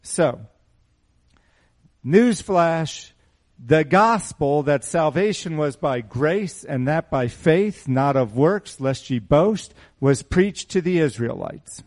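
Middle-aged guy preaching to a small church, kinda high voice, lots of questions to the room. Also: slow. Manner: animated, rhetorical questions to congregation. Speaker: pastor. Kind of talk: sermon.

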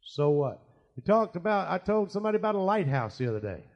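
High-voiced man preaching a story sermon. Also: big pitch swings, rapid-fire, dull audio. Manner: storytelling, voices quoted people, swings from quiet asides to loud shouted prayer. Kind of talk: sermon with acted anecdotes.

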